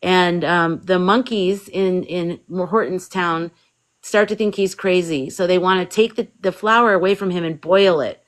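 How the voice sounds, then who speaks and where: A woman's voice: on the low side, a little slow, poor audio. A woman in casual conversation, retelling a story at length and acting out bits of dialogue. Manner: rambling storyteller, acts out quotes. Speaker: guest on a live spiritual chat.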